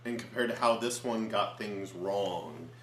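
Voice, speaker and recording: A man's voice: lowish voice, unhurried, fairly bright tone. Earnest man in an echoey room. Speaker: co-reviewer. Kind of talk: casual chat. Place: his home. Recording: echoey room with faint hum.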